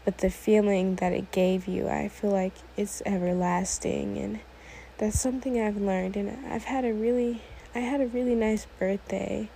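Low, mellow, and heavy with vocal fry, the eighteen-year-old's voice keeps a fairly even intonation at normal speed as she talks alone on her podcast. Slightly emotional and teary, she drifts off topic, peppering everything with "like" and "oh my gosh." The recording is low quality, with slight background noise.

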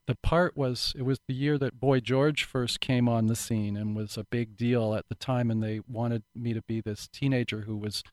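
A man's voice: lowish voice, dry recording. A middle-aged man who is an actor, telling his life story candidly in an interview, reflective and earnest with frequent restarts.

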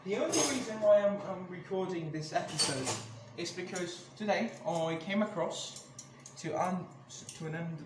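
High-voiced man ranting angrily on a podcast. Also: lively intonation, normal speed, hardly any pauses. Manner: angry, swears a lot, many restarts. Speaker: podcast host. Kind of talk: casual ranting monologue. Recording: echoey room with clear background noise.

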